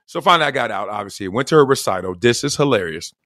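Middle-aged male podcast host, animated storyteller who laughs often, with a wide pitch range and a dry, close sound. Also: fast, no echo. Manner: animated, acts out quoted voices, laughs often. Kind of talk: casual storytelling monologue.

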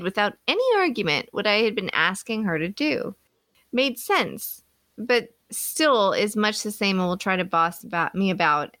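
A woman co-hosts a casual podcast, reading out listener stories and laughing at her own jokes. Her voice is bright and sharp, and her pitch leaps around with lots of energy. The sound is dry and close, with no room behind her. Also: no room sound. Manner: playful, giggly, self-mocking. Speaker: podcast co-host.

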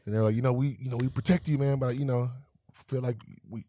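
A man's voice: mid-range voice, fairly even intonation, quick pace, warm tone, no echo, clean studio sound. Laid-back man telling stories, swearing. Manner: laid-back, swears freely, acts out quotes, laughs while telling. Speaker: guest, professional athlete. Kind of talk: casual interview storytelling.

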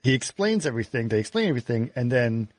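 A man's voice: mid-range voice, very animated, fast, dry recording. A man casually retelling a film scene, with many restarts and bursts of laughter.

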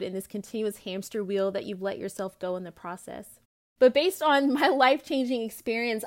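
A woman hosting a faith podcast, sharing her personal testimony in an earnest, heartfelt way and quoting scripture. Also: on the high side. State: tearful at times. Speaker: podcast host.

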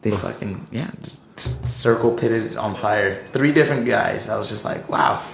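A man's voice: lowish voice, moderate pace, gravelly, echoey room, slight background noise. A man in a band, telling a rambling tour story in casual chat, swearing a lot and acting out what people said. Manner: rambling storyteller, heavy swearing, acts out quotes.

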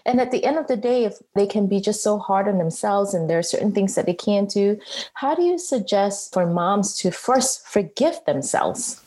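A woman with a warm, mellow voice hosts a faith-based interview. She listens attentively, affirms her guest, and asks measured questions. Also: medium pitch. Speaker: interviewer host.

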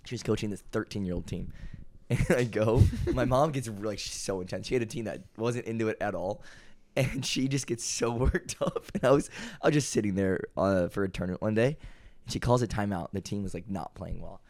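A man's voice: fairly low pitch, brisk, a little mellow. A young man co-hosting a podcast, telling amused anecdotes in casual chat.

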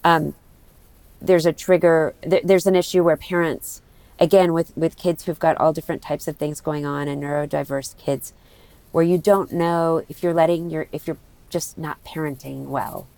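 A woman's voice: low voice, steady tone, moderate pace, vocal fry, darkish tone, no echo. A middle-aged woman from the United States, talking candidly as a guest in an interview, rambling with many restarts.

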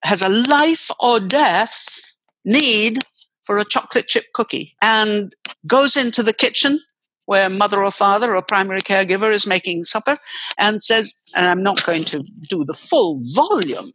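Bright-voiced older woman voice teacher. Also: a little slow, dry recording, poor audio. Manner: expressive, swooping pitch, vivid demonstrations. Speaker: voice teacher, guest. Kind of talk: explanatory interview talk.

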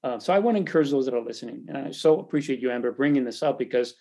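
Middle aged guy hosting a faith podcast, earnest, encouraging, kinda mellow voice. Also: mid-range voice, very fast, vocal fry. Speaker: podcast host.

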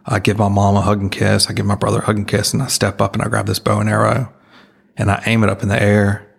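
Low flat gravelly guy telling his story, husky, lots of restarts and ums. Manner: halting, full of restarts and fillers; earnest, emotional retelling. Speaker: guest. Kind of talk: personal storytelling in an interview.

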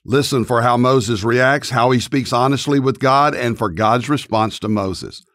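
A male host giving a calm, instructive scripted introduction. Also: mid-range voice, measured pace, no echo, studio quality.

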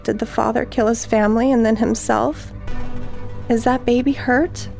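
A woman eyewitness reading from her journal in a hushed, halting way that drops to breathy whispers, then talking casually at home. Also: on the high side, steady tone, faint music behind. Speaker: eyewitness guest.

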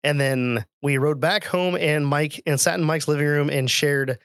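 A man co-hosting a casual podcast, telling a long story with laughs and bursts of loudness, speaking into a microphone on a remote call. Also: fairly high pitch, normal speed, no echo, studio quality. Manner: storytelling, animated, laughs often. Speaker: podcast co-host. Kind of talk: casual chat.

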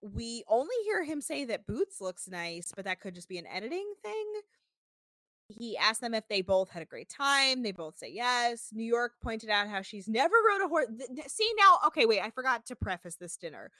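Bright-voiced woman, animated podcast co-host. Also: on the high side, normal speed, dry recording. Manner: animated, swearing, acts out quotes in exaggerated voices. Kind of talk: casual recap chat.

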